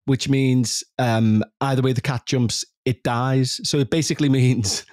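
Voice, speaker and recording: Yorkshire man, casual podcast guest, animated storyteller, mid pitch, dry close sound. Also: unhurried, dry recording. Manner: animated storyteller, jumps into high mock voices.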